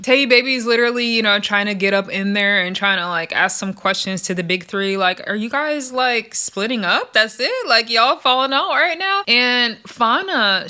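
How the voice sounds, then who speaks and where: A woman's voice: medium pitch, sharp tone. A woman giving a casual, chatty recap of a reality TV show. She fills her talk with "like" and "literally" and acts out the quotes.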